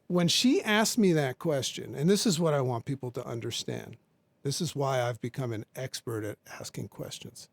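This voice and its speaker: A man's voice: mid-range voice, normal speed, gravelly, no echo. A man in his forties, a podcast guest, telling an intense personal story and acting out both sides of remembered conversations. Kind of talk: emotional storytelling.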